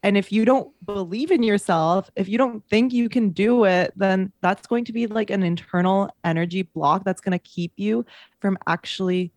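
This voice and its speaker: A woman's voice: mid-range voice, moderate pace, darkish tone, no echo. A woman who works as a coach, talking in a casual podcast conversation, earnest and emphatic, making her points in repeated parallel phrases.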